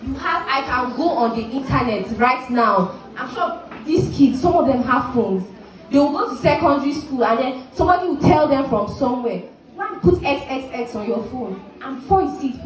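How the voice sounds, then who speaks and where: A young woman speaking at a school graduation, earnestly urging parents and acting out little dialogues between parent and child. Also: on the high side. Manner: earnest, preachy, acts out parent and child quotes. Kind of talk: exhortative speech to parents. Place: outdoor or large hall ceremony. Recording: echoey PA from far off, noisy.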